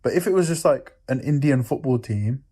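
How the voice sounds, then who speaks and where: Animated young man bantering. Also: mid-range voice, a little fast, slightly rough. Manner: animated, laughs often, jokey. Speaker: podcast co-host. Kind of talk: casual banter.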